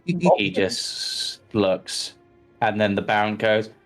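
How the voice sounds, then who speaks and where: A man's voice: fairly low pitch, lively intonation, slow, fairly bright tone, faint music behind. A man narrating as game master in a tabletop game, hesitant and full of ums while describing scenes.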